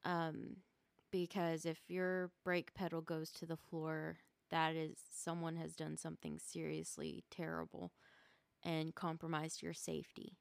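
A woman with a lowish, smooth and resonant voice hosts a casual solo podcast, talking from home. She rambles, trips over her words and restarts sentences often. The sound is close and dry. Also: a little slow, no room sound. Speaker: podcast host. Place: rural home.

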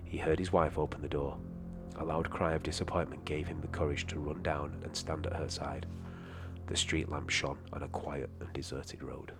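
Deep-voiced man reading a story. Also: music in the background. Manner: steady, measured storytelling. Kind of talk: reading a short story aloud.

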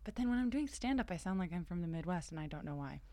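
A woman's voice: fairly low pitch, expressive, fast talker, a crowd in the background. A young adult woman from Massachusetts, a comedian chatting as a podcast guest and telling rambling, self-mocking stories with lots of fillers. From Massachusetts, USA. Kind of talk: casual chat.

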